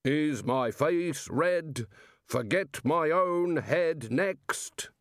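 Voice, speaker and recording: A man's voice: a little high, lively intonation, very slow, no echo, studio quality, pitched above the performer's own voice, exaggerated voice. A man voicing a bellowing, pompous old male college porter who enunciates each word with stubborn care. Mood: blustering. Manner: loud, each word enunciated with bulldog carefulness.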